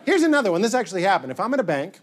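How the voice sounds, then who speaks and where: A man performing stand-up comedy on stage, animated and goofy, breaking into shouted bits. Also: high-pitched, very fast, some chatter behind. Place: comedy stage before a live audience. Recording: live audience laughter.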